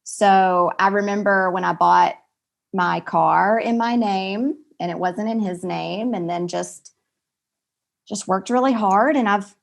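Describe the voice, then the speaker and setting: A woman in her forties, a podcast guest chatting casually and acting out family conversations with lively energy. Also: medium pitch, takes it slowly, creaky. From American South. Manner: animated storyteller, acts out family dialogue loudly. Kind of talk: casual chat.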